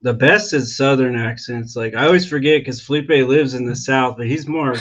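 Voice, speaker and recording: A man's voice: mid-range voice, moderate pace, a bit bright, dull audio. An American man who is a veteran and podcast guest, talking casually, with lots of "dude" and "like". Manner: laid-back, uses "dude" and "like" often.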